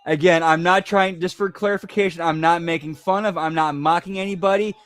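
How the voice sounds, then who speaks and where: A man's voice: sits high, fairly even intonation, a little fast, no room sound. A man hosting a casual stream chat, rambling and swearing, correcting himself as he goes. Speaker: stream host.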